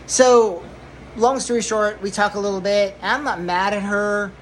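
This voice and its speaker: A woman chats casually to the camera from inside her home, drifting through a long story. She repeats herself and fills pauses with plenty of "um" and "like." A soft hum of room sound sits faintly behind her, and her pitch stays at a middling height. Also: steady tone, poor audio. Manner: rambling, repeats herself, many fillers. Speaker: aquarium hobby vlogger. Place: indoors at home, new fish room.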